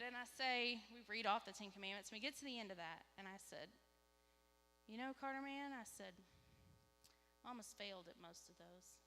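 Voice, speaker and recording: A woman, giving an animated church testimony and acting out dialogue. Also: fairly high pitch. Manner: animated storytelling, acts out dialogue. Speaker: lay speaker giving a testimony. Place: church sanctuary. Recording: live church hall with reverb, faint hum.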